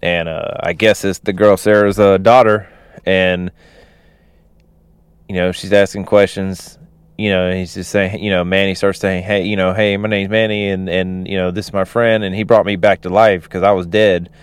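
Rambling man with a smooth, dry voice. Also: sits low, little pitch movement, normal speed, no echo. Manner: rambling, many fillers like "you know" and "like"; laughs while retelling. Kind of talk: casual movie recap.

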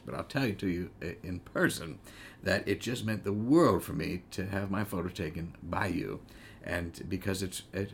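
A man's voice: low-pitched, vocal fry, slight background noise. A man hosting a casual podcast interview, rambling and courtly, with many hesitations and laughs. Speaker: podcast host. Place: living room couch.

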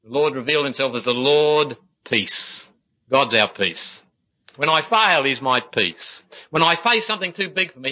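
A man's voice: mid-range voice, animated, moderate pace, bright, forceful tone, lo-fi sound. A man preaching a sermon in an earnest, folksy way, telling stories and calling his listeners "my friends.".

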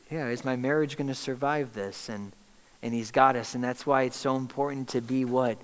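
A man preaching a sermon as pastor, asking the congregation to call out missing words. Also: mid-range voice. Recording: long reverb in a large hall.

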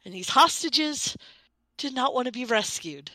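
A woman's voice: high-pitched, animated, a little slow, sharp tone, no room sound, low-quality recording. A woman telling a rambling, self-mocking story in a casual chat.

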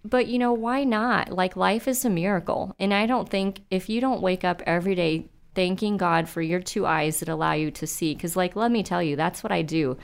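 A woman speaks as a guest on a podcast, with a smooth, clear voice pitched a little low. She talks earnestly and casually, with plenty of fillers, as an eye doctor. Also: fairly quick, hardly any pauses. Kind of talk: casual interview chat.

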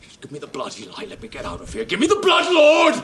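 An actor playing a proud middle-aged oilman forced to confess his sins, yelling with bitter humiliation. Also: extremely high pitch, huge pitch swings, quick pace, gravelly, roomy sound, slight background noise, full character voice. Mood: anguished. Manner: shouting confessions through gritted humiliation.

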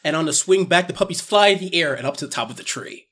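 A playful man running a tabletop game as game master, and he laughs often. His voice is a little high and husky, and his pitch moves a great deal. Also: expressive, fast, fairly bright tone.

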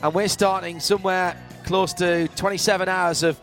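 A man's voice: high voice, fairly even intonation, normal speed, fairly bright tone, soft background music. A man hosting live race coverage from a commentary booth, with an expansive, lyrical build-up delivery. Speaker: race broadcast host. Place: commentary booth above a racetrack.

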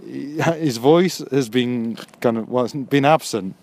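A man's voice: mid-range voice, a little slow, a little mellow. A man hosting a podcast, talking casually and musingly, with friendly encouragement. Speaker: podcast host and new stand-up comic. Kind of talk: casual late-night chat. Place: near a train line at night.

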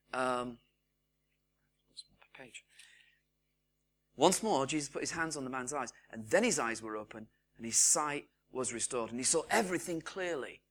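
A man preaching a sermon, retelling the story with lively quoted voices. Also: high voice.

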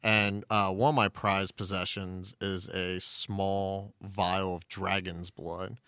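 A man playing in a tabletop game, describing his character's actions in a relaxed way and thinking aloud as he goes. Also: low voice, slow pace, clean tone, no echo, studio quality. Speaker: player. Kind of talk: casual tabletop role-play.

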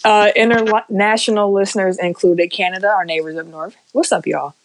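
A relaxed man co-hosting a casual podcast. He talks loosely and reads out lists in an easy, unhurried way over a remote call. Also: high-pitched, poor audio. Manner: relaxed, reads out listener stats with laughs. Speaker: podcast co-host.

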